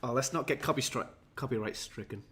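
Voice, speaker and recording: A man's voice: mid-range voice, fast talker, a bit bright. A tired, jetlagged man from Wales, rambling and self-mocking as he chats with viewers on a livestream. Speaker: livestream host. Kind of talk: casual livestream chat.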